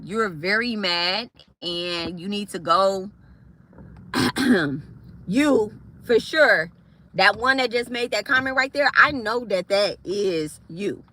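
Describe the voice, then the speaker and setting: A woman's voice: medium pitch, takes it slowly, sharp tone, a little hiss or hum. A woman spiritualist ranting to her viewers on a livestream, heated, confrontational and profane. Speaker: spiritualist live streamer.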